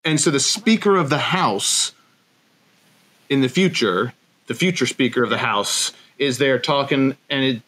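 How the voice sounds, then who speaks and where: A man interviewing a guest, asking halting questions and playing dumb on purpose. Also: medium pitch, lively intonation, fairly bright tone. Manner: halting, feigns not knowing, asks short questions.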